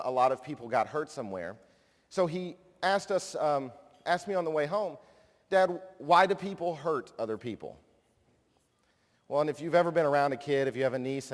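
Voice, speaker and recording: Man telling a story in a reverberant hall. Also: medium pitch. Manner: warm storytelling with self-deprecating humor. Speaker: conference speaker introducing a guest. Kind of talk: anecdotal conference speech. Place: large conference hall.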